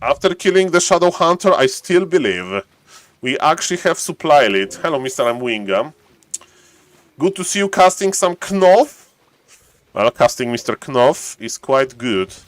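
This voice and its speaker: A man casting a strategy game live on stream, joking around and yelling excitedly when fights break out. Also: measured pace, no room sound. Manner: playful, jokey, bursts into excited high-pitched yelling in fights. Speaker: esports caster.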